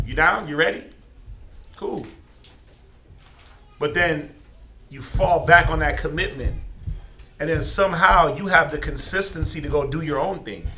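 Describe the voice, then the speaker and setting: A man's voice: fairly high pitch, pushed and bright, slight background noise. A man teaching a Bible class, talking informally and firing off rhetorical questions. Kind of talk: conversational preaching.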